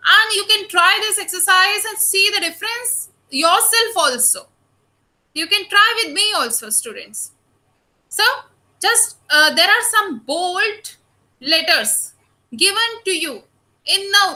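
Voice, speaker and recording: A woman teacher with an Indian English accent giving an online lecture, explaining slowly and addressing her students often. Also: very high voice, sharp tone, low-quality recording.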